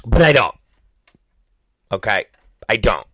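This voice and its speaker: A man in his forties hosting a talk show, telling a crude story with repeated words and sudden shouted exclamations. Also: lowish voice, big pitch swings, slow, no room sound. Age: 40s. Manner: vulgar, repetitive, bursts into shouted exclamations. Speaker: podcast host. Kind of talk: crude comedic monologue.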